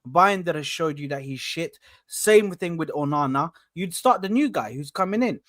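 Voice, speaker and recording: A young man hosting a casual football podcast, rambling and animated, swearing freely. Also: a little high, normal speed, no echo, clean studio sound. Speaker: podcast host.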